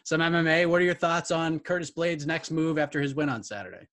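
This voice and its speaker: A man hosting a podcast panel, setting up topics briskly and calling on each panelist in turn. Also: fairly high pitch, fairly bright tone. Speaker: host.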